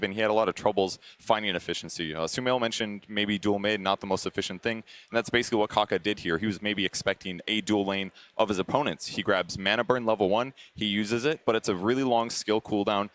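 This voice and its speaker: A man's voice: on the low side, fairly bright tone, dry recording. A man breaking down a match at an analysis desk, recapping plays in a methodical, step-by-step way. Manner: rapid, methodical play-by-play recap. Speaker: esports analyst.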